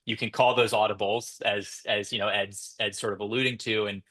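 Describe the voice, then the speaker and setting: A man's voice: fairly low pitch, flat delivery, a little fast, a bit bright. A man speaking on a conference panel about sales, thoughtful, with frequent restarts and hedges. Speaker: panelist, sales tech founder.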